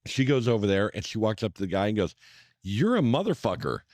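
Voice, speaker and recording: A middle-aged man co-hosting a casual chat, telling an animated story, swearing a lot and acting out what people said. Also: lowish voice, quick pace, no echo, studio quality. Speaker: podcast co-host. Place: cigar lounge.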